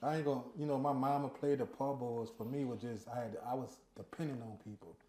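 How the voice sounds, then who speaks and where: Fast-talking man in an echoey room. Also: medium pitch, fairly even intonation, mellow. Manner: halting, restarts his sentences. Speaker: interview guest. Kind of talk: casual chat. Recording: roomy echo.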